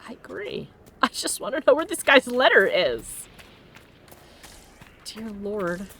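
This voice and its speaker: A woman's voice: medium pitch, sing-song, slow pace, a bit bright, slight background noise. A woman in her thirties from Connecticut, chatting playfully through a let's-play, laughing often and joking with silly wordplay. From Connecticut, USA. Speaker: streamer. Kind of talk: casual let's-play commentary.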